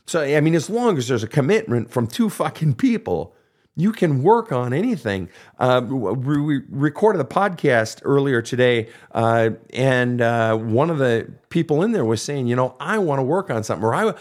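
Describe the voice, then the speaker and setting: A man's voice: medium pitch, very animated, moderate pace, a little mellow. A middle-aged man hosting a podcast, answering listener questions in a blunt, profane, emphatic way. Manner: quotes people in mocking voices. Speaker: podcast host and counselor. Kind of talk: casual advice monologue.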